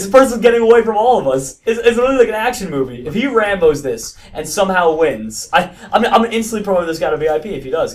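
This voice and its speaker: A man giving excited gameplay commentary, stammering and restarting with frequent exclamations. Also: high-pitched, distant mic. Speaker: gaming video host.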